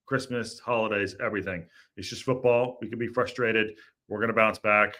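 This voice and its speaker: A man hosts a live football fan chat with a low-pitched but bright, forceful voice. His delivery is casual and jokey, full of quick asides. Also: steady tone. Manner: chatty, jokey, apologetic asides. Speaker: host of a football fan phone-in show.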